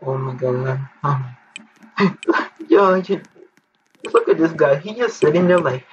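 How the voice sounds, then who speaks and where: A teenage boy giving casual, excitable gameplay commentary, often panicking and pleading. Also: fairly high pitch, unhurried, long pauses, lo-fi sound, a little hiss or hum. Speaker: gaming YouTuber.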